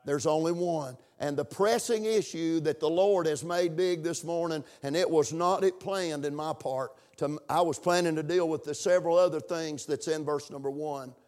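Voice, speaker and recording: A man's voice: fairly high pitch, moderate pace, hardly any pauses, a little mellow. A middle-aged man preaching a sermon and leading a fervent prayer. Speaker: pastor.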